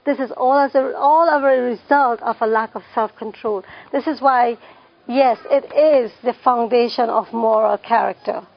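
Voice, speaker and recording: A woman's voice: on the high side, normal speed, vocal fry, muffled recording. A woman leading a parenting class, putting questions to the room and repeating the key phrases for emphasis. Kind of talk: classroom teaching with questions to the audience.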